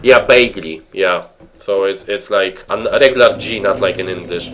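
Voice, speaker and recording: A man's voice: sits low, normal speed, fairly bright tone, a little hiss or hum. A man from Poland with a Polish accent, rambling in casual chat to viewers while playing a game on stream. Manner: rambling, chatty, many fillers and restarts. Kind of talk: casual let's-play chat.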